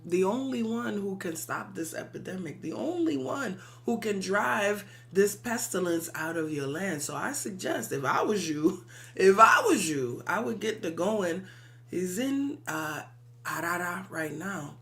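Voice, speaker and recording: A woman's voice: medium pitch, lively intonation, unhurried, gravelly. A woman doing a teasing male thunder god. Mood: warning. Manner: teasing, urgent advice. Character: confident male thunder deity giving warning.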